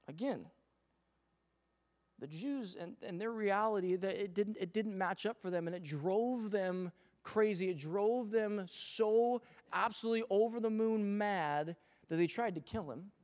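A young pastor delivers a lively sermon, slipping in little acted voices of doubting people. His voice sits high for a man. The sound rings with the long reverb of a church hall. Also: normal speed.

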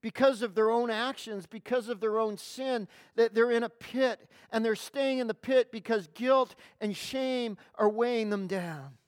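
A woman's voice: fairly high pitch, unhurried, few pauses. A woman preaching a sermon to a congregation, emphatic, stretching key words and often restarting her phrases. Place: in front of a congregation.

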